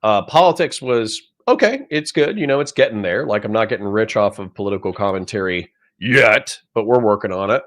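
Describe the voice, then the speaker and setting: A man's voice: lowish voice, lively intonation, fairly quick, few pauses, a bit bright. A man hosting a casual livestream, chatting in a rambling, self-deprecating way while still sleepy and yawning. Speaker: livestream host.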